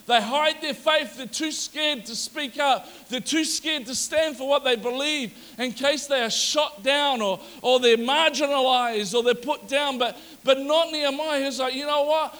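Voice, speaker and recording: A male pastor preaching a sermon in a lively storytelling manner and acting out the people in the story. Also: very high voice, unhurried, few pauses, long reverb tail. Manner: animated, storytelling, acts out the characters.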